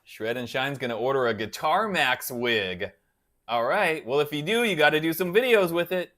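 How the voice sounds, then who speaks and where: A man's voice: a little high, animated, moderate pace, fairly bright tone. A man hosting a casual livestream, chatting loosely and answering viewers by name. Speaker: guitar channel host reading live chat.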